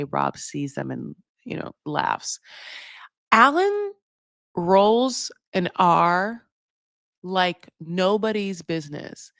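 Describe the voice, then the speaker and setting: A woman's voice: lowish voice, big pitch swings, normal speed, creaky, fairly bright tone, no room sound, clean studio sound. A woman giving a casual, rambling recap of a reality show, full of "like" and "you know". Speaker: recap vlogger.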